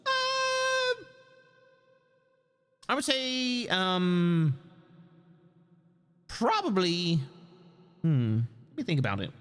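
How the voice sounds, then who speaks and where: Man, gravelly, theatrical streamer, casual live chat, animated lively pitch, dry close mic. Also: very slow, long pauses, dry recording. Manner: theatrical, swoops between a bright stream voice and a low gravelly one.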